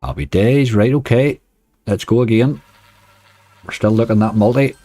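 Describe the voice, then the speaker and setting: A man's voice: medium pitch, moderate pace, dark tone, dry recording, faint music behind. Northern Irish man chatting over roulette. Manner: chatty, talks to his chat, groans at near misses. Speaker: slots streamer. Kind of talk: live casino stream commentary.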